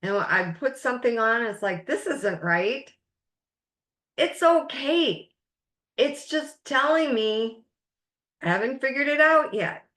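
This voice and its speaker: A woman's voice: high-pitched, expressive, unhurried, fairly bright tone. A woman life coach teaching a recorded masterclass, speaking in an encouraging, emphatic way and stressing key words.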